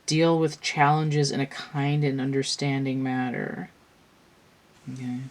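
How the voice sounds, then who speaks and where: A woman's voice: rumbling low, steady tone, unhurried, a little hiss or hum. A woman giving a casual tarot reading in a rambling, slangy way, with a lot of "like" and free swearing. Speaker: tarot reader.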